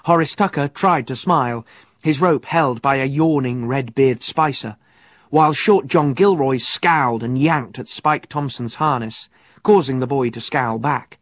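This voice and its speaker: A man narrating an adventure audiobook in an expressive, vivid storytelling manner. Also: medium pitch, a little slow, no echo, studio quality.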